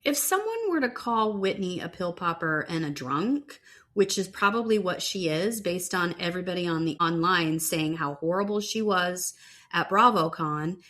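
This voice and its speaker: A woman co-hosts a casual podcast with a slightly low-pitched voice. Her commentary is blunt and opinionated, and she speaks in plain conversation. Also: a bit bright. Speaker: podcast co-host. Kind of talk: casual chat recapping a reality show.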